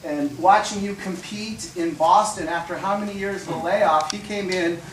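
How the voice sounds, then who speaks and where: A martial arts instructor giving a fast, animated tribute speech at a ceremony. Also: male voice, sits high, a little hiss or hum. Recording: echoey room, far from the mic.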